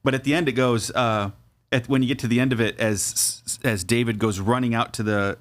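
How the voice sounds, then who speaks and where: A man's voice: mid-range voice, fairly even intonation, fairly quick. A man co-hosting a casual Bible discussion podcast, explaining the scripture in plain conversational terms. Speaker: podcast co-host.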